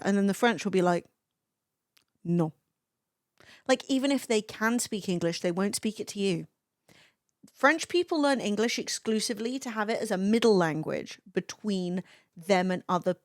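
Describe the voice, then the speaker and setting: Brief: young woman streamer, foul-mouthed, chatty, quick laughter, dry close sound. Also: mid-range voice, no room sound. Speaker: livestreamer. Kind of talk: casual stream chat, reading chat aloud.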